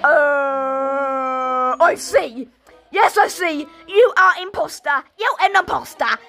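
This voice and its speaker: A woman giving goofy, excitable gameplay commentary, shouting now and then, with a sore throat. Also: sits high, slow pace, soft background music. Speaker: gaming video creator.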